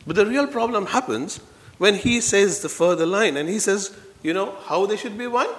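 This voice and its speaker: A man preaching a sermon in a church, earnest, moving between soft low passages and loud emphatic ones. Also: animated, normal speed. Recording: long reverb in a hall.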